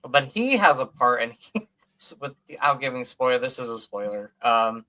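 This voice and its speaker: A man co-hosting a podcast, chatting casually about movies in an animated, gushing way with lots of fillers. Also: mid-range voice, normal speed. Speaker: podcast co-host.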